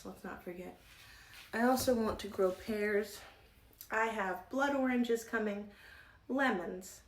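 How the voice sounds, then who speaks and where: A woman streaming live from home, chatting casually to herself and her viewers while gardening, a little out of breath and swearing now and then. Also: medium pitch. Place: home indoors.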